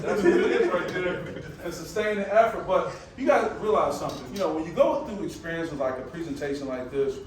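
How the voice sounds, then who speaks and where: A man gives a lively, casual motivational talk, calling out to the crowd in a preacher-style call and response with colloquial phrasing. His voice is high-pitched. The recording comes from a distance in a very echoey room.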